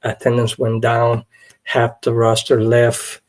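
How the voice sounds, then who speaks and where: A man hosts a casual history podcast and tells his story in an animated, rambling way. His voice sits in a mid register, and he leans on "you know" as he goes. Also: medium pitch, takes it slowly, rough recording. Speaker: podcast host. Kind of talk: casual wrestling history commentary.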